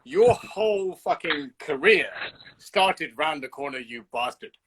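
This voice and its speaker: A man's voice: a little high, expressive, measured pace, fairly bright tone, breathy edge, low-quality recording. A man hosting a casual livestream chat over a video call, teasing his guest, swearing freely and telling stories with animation. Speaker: host.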